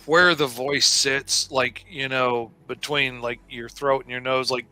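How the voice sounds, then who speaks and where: A man's voice: mid-range voice, fairly even intonation, a little slow, pushed and bright. A middle-aged man, chatting easygoing on a livestream, full of "you know"s. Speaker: artist co-host. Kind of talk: casual chat on a livestream.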